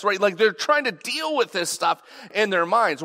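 Male pastor, sermon, fairly high voice, conversational and emphatic, long echoing reverb. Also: big pitch swings, moderate pace, few pauses, pushed and bright. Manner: conversational, emphatic, with rhetorical questions.

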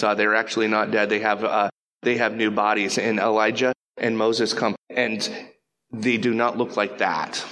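A pastor preaching a sermon, telling a story in an animated way and slipping into quick voices. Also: male voice, medium pitch.

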